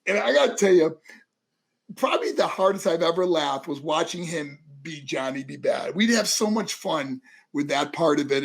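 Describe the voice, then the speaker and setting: Middle-aged New Yorker, ex-wrestler guest, husky gravelly voice, slightly high-pitched, animated storyteller doing voices. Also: male voice. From New York. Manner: animated, acts out voices in anecdotes. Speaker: interview guest, former wrestler. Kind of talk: casual storytelling.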